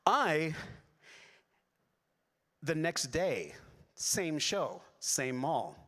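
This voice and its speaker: Excitable man telling stories in an echoey hall. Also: on the high side, extremely slow. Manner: rambling and excitable, with many restarts and asides to the audience. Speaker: voice actor guest on a convention panel. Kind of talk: animated storytelling on a convention stage. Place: large convention hall. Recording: echoey hall with long reverb.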